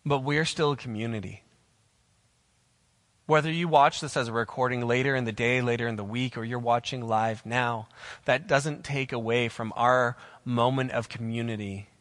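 A man's voice: mid-range voice, fairly even intonation, normal speed, a bit bright. A man preaching a sermon to camera, emphatic and repeating his key phrases. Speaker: pastor. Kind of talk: sermon to camera for online viewers. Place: church, filmed on camera. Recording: long reverb hall.

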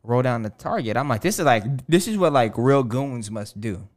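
A man's voice: mid-range voice, animated, moderate pace. A man in casual chat with friends, telling a long story loosely with lots of fillers and swearing. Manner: rambling, loose, profane storyteller with many fillers.

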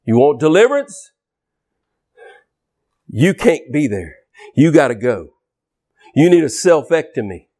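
Male preacher, twang, high voice, fiery deliverance sermon, shouts for emphasis. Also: very animated, unhurried, pauses often. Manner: forceful, preaching with shouted bursts and emphatic repetition.

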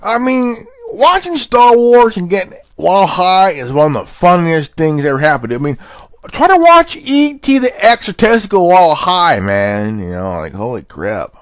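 Casting: high, lively male host, laid-back, slangy, profane, dry close sound. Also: dry recording. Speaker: podcast host. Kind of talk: rambling casual monologue.

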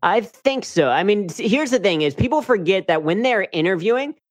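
An upbeat, chatty man speaking as a guest in a casual interview, voice sitting a little high. The sound is dry and close, with no room around it. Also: expressive, a little fast, no echo. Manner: upbeat, chatty, frequent "right?" asides. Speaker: guest, humor coach and speaker.

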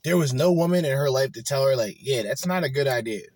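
A man delivers heated commentary in a blunt, cursing way. His voice sits at a middling pitch and is recorded close and dry. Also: lively intonation, fast talker, a little mellow, dry recording. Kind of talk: ranting commentary.

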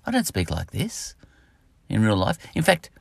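A man's voice: on the low side, wildly swooping pitch, unhurried, vocal fry, dry recording. A man with an Australian accent, rambling through a solo podcast monologue, full of fillers and asides. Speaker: podcast host.

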